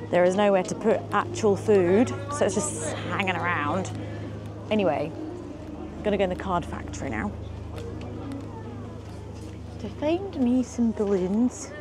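Chatty woman vlogging. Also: fairly low pitch. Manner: chatty, self-mocking, bubbly. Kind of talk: casual vlog chat. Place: shops and office, in and out.

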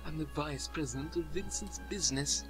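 A man voicing a scheming, greedy business executive, talking slowly in a hushed, sly way. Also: fairly high pitch, over music, lightly acted.

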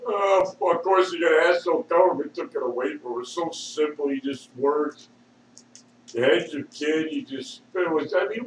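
Man, profane rant, lurching from yelling to mumbling, wildly up-and-down pitch, slow delivery, far from the mic in an echoey room. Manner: erratic, swings between shouting and muttering; swears constantly. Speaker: vlogger. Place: at home with a dog. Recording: echoey room, distant mic, faint hiss.

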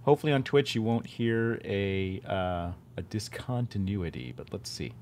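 A man's voice: fairly low pitch, expressive, moderate pace, darkish tone, a little hiss or hum. A man hosting a game studio's live stream in casual chat, talking loosely and often repeating himself as he restarts sentences. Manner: chatty, self-interrupting, repeats words.

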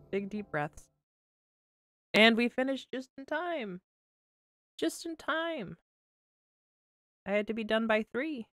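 Tearful woman streamer, slow and halting. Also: medium pitch, fairly bright tone. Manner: emotional, halting, laughing through tears. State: tearful, crying. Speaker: game streamer. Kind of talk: casual livestream chat.

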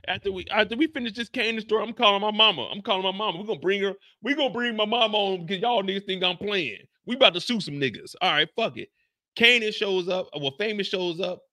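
A man recapping a TV episode in casual storytelling style, animated and profane, loudly acting out quotes. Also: sits high, fast talker, no echo, studio quality. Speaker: recap host.

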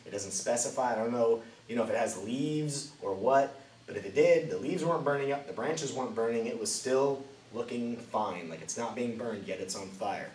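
A man teaching a children's Bible lesson as a lively storyteller, swinging between loud and hushed delivery. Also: mid-range voice, normal speed. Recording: roomy, distant mic, faint ambient noise.

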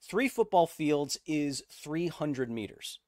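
A man's voice: a little high, very animated, slow pace, darkish tone, no room sound, studio quality. A man hosting a casual livestream, explaining science conversationally, checking in with viewers and answering their chat messages. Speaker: host.

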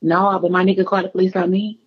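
A male caller speaking in a high, husky voice. He is heard over a dull, dry phone line. He chats in a plain, easygoing way. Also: flat delivery, fast, dry recording. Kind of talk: casual call-in chat.

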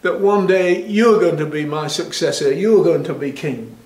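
A man's voice: a little high, normal speed, a little mellow, reverberant, close to an everyday voice. A man voicing Saul, a weary older king who sounds tired and pleading. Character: weary older male king, suspicious then humbled.

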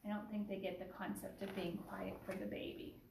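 A woman who teaches young children, reading a picture book aloud with lively asides, then speaking to families. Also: mid-range voice, brisk, recorded from a distance, a little hiss or hum. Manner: warm, animated storytelling with asides. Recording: echoey room, voice away from the mic.

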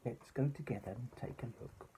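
A man voicing a timid small male toy bear in a storybook, speaking in a high, breathy whisper. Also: brisk, dark tone, a little hiss or hum, lightly acted. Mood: nervous.

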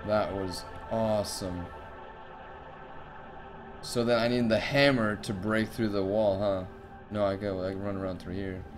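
A young man streaming a horror game, excitable and swearing, yelping at scares. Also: on the low side, measured pace, pauses often, over music. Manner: excitable, swearing, yelps when startled. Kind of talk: live gameplay commentary.

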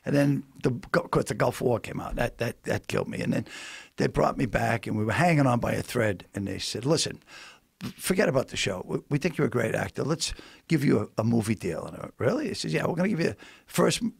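An older man with a Boston accent, a comedian guest telling animated stories and acting out the voices in them. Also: mid-range voice, fast, vocal fry, husky, dry recording. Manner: animated, acts out voices in anecdotes. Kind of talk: storytelling on a podcast.

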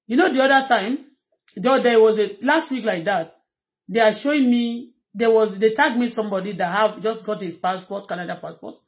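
Middle-aged Nigerian-accented woman, personal vlog, pleading and repetitive, slightly high voice. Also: moderate pace. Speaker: vlogger.

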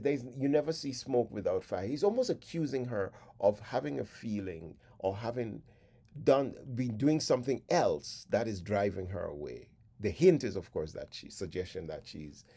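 Low, husky man giving a reflective lecture. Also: expressive. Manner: deliberate, reflective, drops to a hush at moments. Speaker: lecturer on song lyrics. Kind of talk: spoken lecture.

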